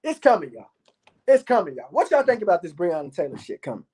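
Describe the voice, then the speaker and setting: Hyping up his channel, a brash YouTube commentator rattles off a cursing, bragging monologue to viewers and keeps repeating himself. His voice sits high and is a little mellow and husky, with huge pitch swings and a fast delivery.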